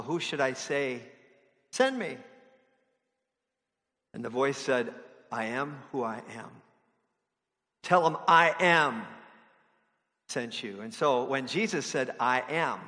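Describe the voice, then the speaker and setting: A man's voice: medium pitch, fairly bright tone, in a large hall. A man preaching a sermon, conversational with fillers, building to emphatic declarations. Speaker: pastor.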